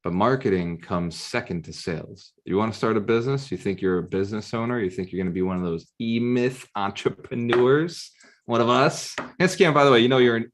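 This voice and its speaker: A man giving a motivational coaching talk as a real estate mentor, punchy and firing rhetorical questions at his students over a video call. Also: fairly low pitch.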